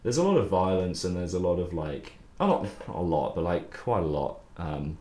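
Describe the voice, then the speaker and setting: A man's voice: sits low, expressive, moderate pace, darkish tone, reverberant. A young man who writes songs, chatting loosely during a stream, rambling and swearing with frequent laughs. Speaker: songwriter streaming his writing process. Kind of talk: casual livestream chat.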